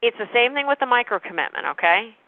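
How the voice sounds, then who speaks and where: A woman's voice: a little high, lively intonation, quick pace, dry recording. A woman coaching a sales team on a call, matter-of-fact and often checking in with "okay?". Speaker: sales trainer. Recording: tinny phone-line call.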